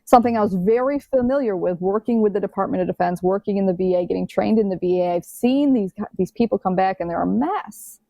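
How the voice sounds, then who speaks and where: A woman's voice: mid-range voice, fast talker, vocal fry, hardly any pauses, dark tone, dry recording. A woman who works as a diabetes health coach, speaking as a guest on a podcast in emphatic, casual conversation and often restarting words.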